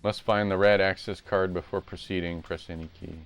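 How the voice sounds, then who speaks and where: A man's voice: low voice, steady tone, a little fast, faint music behind. A man live-streaming retro games, chatting casually and rambling as he plays at home. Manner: rambling, self-correcting.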